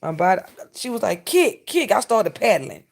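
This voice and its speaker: Gravelly-voiced woman ranting to camera. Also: fairly low pitch, expressive, moderate pace, a little mellow. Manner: ranting, preachy, profane. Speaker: vlogger. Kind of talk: casual venting monologue.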